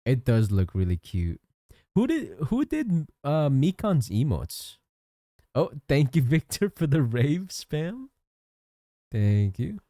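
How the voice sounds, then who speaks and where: A man's voice: mid-range voice, takes it slowly, no room sound, clean studio sound. A man streaming while he draws, chatting casually with his chat and thanking viewers. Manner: chatty, thanks chat, lively ups and downs. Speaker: livestreamer and digital artist.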